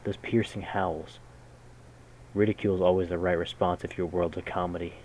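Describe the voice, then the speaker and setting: A man reading a game's story text aloud in a measured way, breaking in with casual, slangy jokes as a gaming host. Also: low voice, little pitch movement, darkish tone, slight background noise, low-quality recording. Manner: measured narration broken by casual slangy comments. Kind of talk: reading game text aloud with jokey asides.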